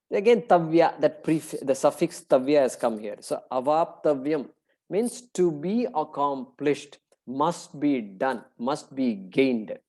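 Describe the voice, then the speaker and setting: Middle-aged guy teaching a scripture class, mid pitch, chatty with lots of uh's, slows way down on the sanskrit words. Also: darkish tone, low-quality recording. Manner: conversational, chanting Sanskrit terms slowly, many fillers. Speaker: Vedanta teacher.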